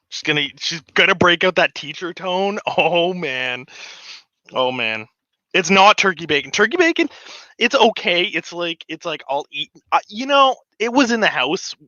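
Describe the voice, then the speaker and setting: A man's voice: on the high side, pushed and bright, no echo. A man hosting a casual live stream from his hobby room. He talks in an easygoing, chatty way and laughs often. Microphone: desk microphone. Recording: slightly dull lo-fi sound.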